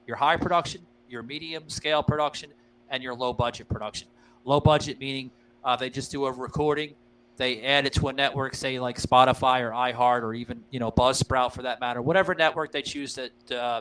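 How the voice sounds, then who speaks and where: A man's voice: medium pitch, fairly bright tone, low-quality recording. A man hosting a podcast in loose, profane casual chat, talking straight to his listeners with plenty of fillers. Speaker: podcast host.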